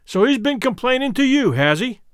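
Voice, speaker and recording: A man voicing a steady, determined male fish patrolman who speaks calmly and firmly. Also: extremely high pitch, brisk, clean tone, dry recording, studio quality, pitched above the performer's own voice. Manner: calm and firm, turning hushed in tense moments.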